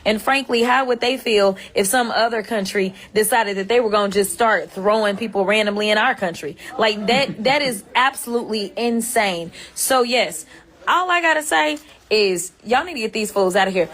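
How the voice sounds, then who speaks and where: A woman's voice: mid-range voice, fairly bright tone. Emphatic woman in a political clip.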